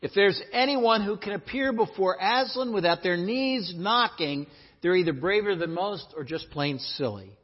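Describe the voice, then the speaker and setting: A man's voice: high voice, normal speed, breathy edge. A man reading aloud as a stern, motherly female beaver, in a scolding, emphatic manner, recorded in an echoey hall with dull, lo-fi sound.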